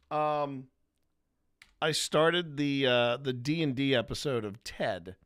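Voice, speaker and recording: A man's voice: medium pitch, slow pace, fairly bright tone, smooth. A man hosting a paranormal footage review, chatting casually and rambling with many restarts. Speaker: paranormal investigator host.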